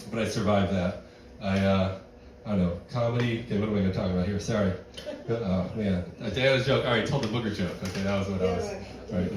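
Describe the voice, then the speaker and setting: A stand-up comedian from New York City performs a set in a barn before a live audience, his voice on the low side. He rambles and runs himself down, full of fillers and restarts, and the distant mic captures an echoey room and the audience.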